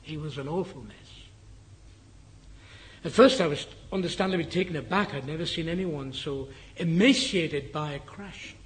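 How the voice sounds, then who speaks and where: Earnest older English preacher, husky voice. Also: male voice, fairly high pitch, normal speed. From England. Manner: earnest, drops to a hushed whisper for the dying man's words. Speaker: guest preacher. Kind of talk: sermon with a personal story.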